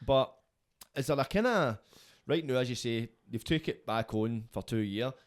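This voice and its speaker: A man hosting an interview, chatting in a relaxed way and murmuring along while he listens. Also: medium pitch, normal speed. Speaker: interviewer, host. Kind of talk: casual interview chat.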